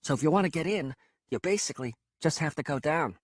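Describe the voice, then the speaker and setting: A man voicing a brisk, practical young woman leading a rebel band, in a raised pitch. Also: expressive, no echo, studio quality.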